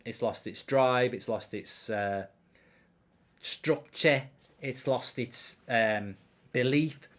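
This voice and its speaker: A man's voice: medium pitch, slow pace. A man hosting a live football watchalong, chatting casually and reading out viewer comments. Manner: animated, reading viewer comments, frequent fillers. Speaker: host.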